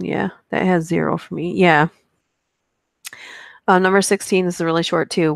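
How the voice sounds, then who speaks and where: A woman with a notably low voice reads stories aloud on a live stream, then drifts into casual, chatty asides to her viewers. The sound is close and dry, with no room echo. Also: creaky. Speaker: YouTube horror story narrator. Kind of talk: live-stream story reading and chat.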